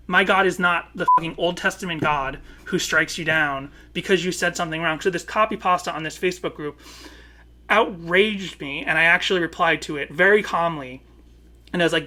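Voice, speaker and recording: A man's voice: fairly high pitch, bright, forceful tone. A man co-hosting a podcast, talking with passion and swearing freely in a long casual monologue. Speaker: podcast co-host.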